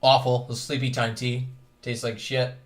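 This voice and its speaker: A man's voice: mid-range voice, flat delivery, normal speed. A man co-hosting a casual podcast with friends, telling a rambling, profane story and laughing often. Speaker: podcast co-host.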